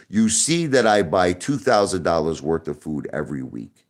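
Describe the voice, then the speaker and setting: Deep-voiced man talking defensively to viewers. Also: expressive, moderate pace. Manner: defensive, repeats words and restarts. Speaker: online show host. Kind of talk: casual livestream talk to viewers.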